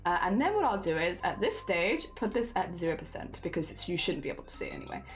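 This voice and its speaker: Young woman streamer, casual and chatty, slightly congested, with a lively, swooping delivery. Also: lowish voice, fast, soft background music. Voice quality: coughing, a little congested. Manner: chatty, talks herself through each step, greets viewers. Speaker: streamer rigging a vtuber model. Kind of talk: casual live-stream talk while working.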